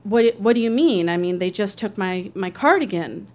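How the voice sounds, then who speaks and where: A woman's voice: mid-range voice, expressive, normal speed, darkish tone. A woman telling a personal story on stage, in an earnest, conversational way, briefly acting out other people's voices.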